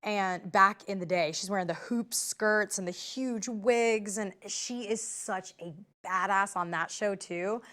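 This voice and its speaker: A woman's voice: medium pitch, unhurried, hardly any pauses, a bit bright. A woman co-hosting a casual recap show, chatty and enthusiastic. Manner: enthusiastic, chatty, laughs easily. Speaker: co-host.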